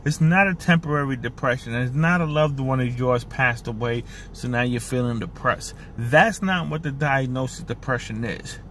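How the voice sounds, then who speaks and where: A man's voice: medium pitch, moderate pace, hardly any pauses, a bit bright, a little hiss or hum. A man talking straight to the camera in an earnest, repetitive and emotional way, recorded on the camera's own mic. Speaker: vlogger. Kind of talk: personal talk to camera.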